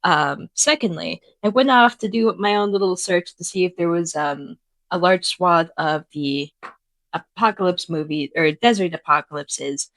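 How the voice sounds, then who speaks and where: A woman co-hosting a casual commentary podcast, recapping facts in a relaxed way with many ums. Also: on the low side, normal speed, no echo. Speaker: podcast co-host.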